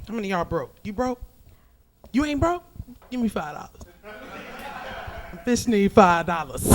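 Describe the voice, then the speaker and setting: A woman's voice: mid-range voice, lively intonation, unhurried, pauses often, noisy background. A woman doing stand-up comedy, brash and profane, talking to the crowd.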